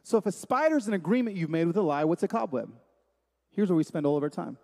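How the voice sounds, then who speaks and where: A man's voice: sits high, expressive, quick pace, vocal fry, mellow. A man giving an emphatic, story-driven sermon-style talk to a live audience in a large room, repeating his key lines for weight. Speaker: speaker at a men's gathering. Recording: long hall reverb.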